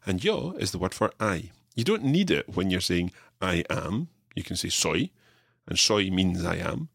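Low husky male language teacher. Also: big pitch swings, a little slow, a bit bright, no room sound, studio quality. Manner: clear, drills learner with repetition. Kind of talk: podcast language lesson.

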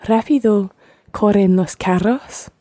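A woman's voice: medium pitch, unhurried, dark tone, no room sound, studio quality. A woman taking part in a language lesson as the learner, carefully repeating phrases after the teacher.

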